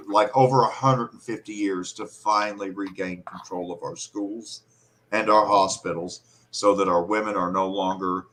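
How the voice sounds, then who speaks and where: A man in casual conversation, rambling and animated, who slips into playful regional accents. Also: sits low, rough recording.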